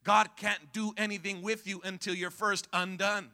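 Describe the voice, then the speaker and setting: A high-voiced man preaches from the pulpit in a piercing, ringing tone. He calls out to the congregation for answers and keeps swinging between hushed stretches and loud peaks. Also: little pitch movement, normal speed. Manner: stumbles and repeats words when worked up. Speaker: pastor. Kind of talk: sermon.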